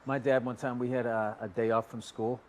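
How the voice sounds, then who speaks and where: A man's voice: mid-range voice, flat delivery, brisk, a little mellow, a little hiss or hum. A man co-hosting a podcast, swearing freely and breaking into laughter as he tells a long family story. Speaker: podcast co-host. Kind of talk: casual chat.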